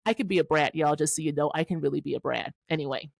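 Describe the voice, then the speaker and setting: A woman's voice: low-pitched, fast, vocal fry, no echo, studio quality. A woman podcast host and astrologer telling a personal story in a casual monologue, candid and profane, laughing often and talking straight to her listeners. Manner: addresses listeners directly, tags lines with "right?".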